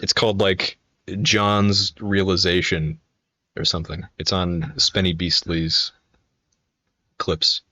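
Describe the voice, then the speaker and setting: A man's voice: sits low, flat delivery, takes it slowly, long pauses, bright, forceful tone, no room sound. A man in his twenties chatting casually on a live stream, telling rambling, profane stories full of fillers and restarts. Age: 20s.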